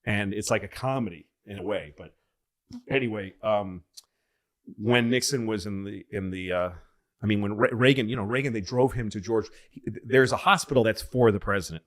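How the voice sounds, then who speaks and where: A man on a comedy podcast telling a long rambling story in casual chat, profane and loose, breaking into loud excited bits. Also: fairly low pitch, moderate pace. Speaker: podcast co-host.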